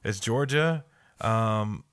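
Low-voiced man telling wry stories. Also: very slow, a bit bright, clean tone, dry recording, studio quality. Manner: storytelling, hesitant restarts, wry. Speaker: podcast co-host. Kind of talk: casual sports chat.

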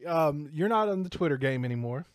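A man's voice: fairly high pitch, lively intonation, brisk, no room sound. Male podcast host, casual and rambling, curses freely, dry close mic. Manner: rambling storyteller, swears freely. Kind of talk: casual chat.

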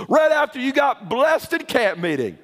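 A man preaching a sermon with passion, rising to shouted peaks and repeating words. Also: very high-pitched, in a large hall. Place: church or camp meeting hall.

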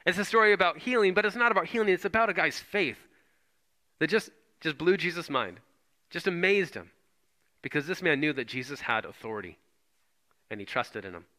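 A male pastor preaching a sermon, retelling scripture in casual, animated storytelling. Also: a little high, fairly quick, long pauses.

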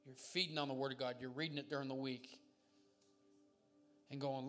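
A man's voice: mid-range voice, steady tone, normal speed, pauses often, a bit bright. A man pastor preaching a sermon, emphatic and building to fervent declarations, with jokes and laughter while he tells stories.

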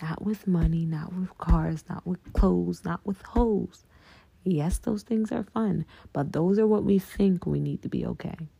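Woman, gravelly low voice, casual spiritual talk, earnest, swears freely, dry close sound. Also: unhurried, mellow, no room sound. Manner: earnest, profane, addresses listeners as y'all. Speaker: podcast host.

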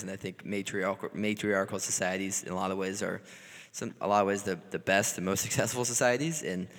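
A man with a very deep voice and a flat, level delivery hosts an interview. He speaks haltingly, repeating words as he gathers his thoughts. His voice trails off into a long reverb. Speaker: interview host. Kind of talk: conversational interview.

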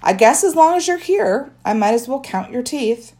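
A woman's voice: fairly high pitch, lively intonation, normal speed, dark tone, voice pushed up, natural voice. A woman voicing a kindly, playful male dentist in a storybook reading, coaxing and teasing. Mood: gentle.

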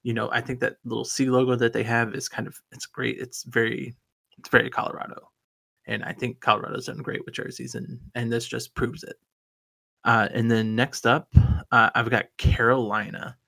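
A man's voice: mid-range voice, level tone, moderate pace, gravelly, pushed and bright. A man co-hosting a casual sports chat, rambling and enthusiastic with lots of stammered restarts. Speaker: podcast co-host.

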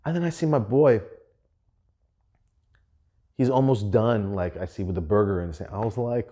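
A man's voice: low-pitched, fairly quick, mellow. A young adult man hosting a podcast, telling a profane story in a loose, laughing way. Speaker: podcast host. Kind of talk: casual storytelling monologue.

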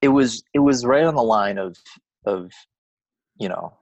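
A man co-hosting a podcast, chatting casually and telling rambling stories with halting restarts. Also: mid-range voice, animated, darkish tone, no echo, muffled recording. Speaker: podcast co-host. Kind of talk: casual chat.

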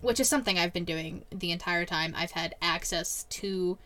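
A woman's voice: on the low side, normal speed, sharp tone. A woman podcaster chatting casually, using slang and swearing.

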